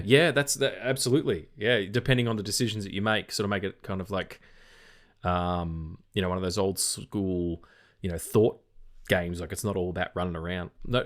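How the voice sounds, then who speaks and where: Australian man, lower register, tired, rambling podcast co-host. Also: a bit bright. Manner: rambling, repeats words, swears casually. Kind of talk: casual film podcast chat.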